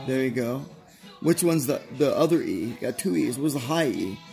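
A man's voice: medium pitch, expressive, moderate pace, gravelly, warm tone, rough recording. A man playing with his son at a swimming pool, talking patiently, encouraging and teasing him. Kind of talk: casual playful chat with a child. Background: music.

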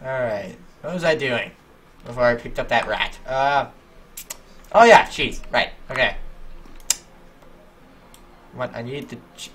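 A man giving animated let's-play commentary, yelping and talking back to the game's characters as he plays. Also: mid-range voice, measured pace, pauses often. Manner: animated, yelps at game characters. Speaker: gaming YouTuber.

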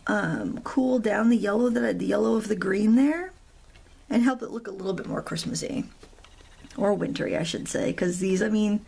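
A woman's voice: mid-range voice, creaky, a little mellow, slightly rough. A middle-aged woman hosting a real-time coloring tutorial at a craft table, chatty and rambling, with self-deprecating asides.

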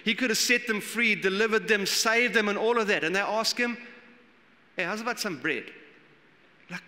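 A man preaching a sermon as pastor, animated and acting out the voices he quotes. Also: high voice, normal speed, pauses often. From South Africa. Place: church hall. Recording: long church hall reverb.

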